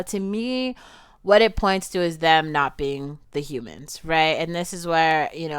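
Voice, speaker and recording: Young woman, casual film commentary, animated and outspoken, crisp clear voice, dry close sound. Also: fairly low pitch, dry recording. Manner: animated and outspoken, heavy use of "like", swears.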